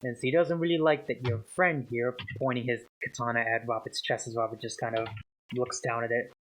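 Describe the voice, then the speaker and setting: A man's voice: mid-range voice, steady tone, brisk, a bit bright, slight background noise, low-quality recording. A man running a tabletop game as game master, narrating scenes and slipping into character lines between laughs, recorded over a voice call. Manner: laughing, voicing characters in passing.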